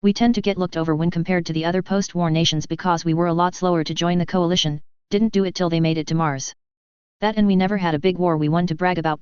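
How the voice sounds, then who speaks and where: A woman reading a brash, cheerful Australian woman soldier who talks loud and blunt. The voice is low and very smooth, and the recording is dull and dry. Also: no echo, lightly acted.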